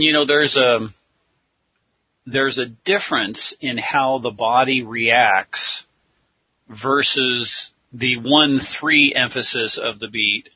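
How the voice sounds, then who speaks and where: A man teaches methodically in a slow, unhurried delivery and counts out his points step by step. His voice is husky, and the dry, dull lo-fi recording has no room echo. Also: mid-range voice. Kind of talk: religious teaching talk. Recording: dull lo-fi sound.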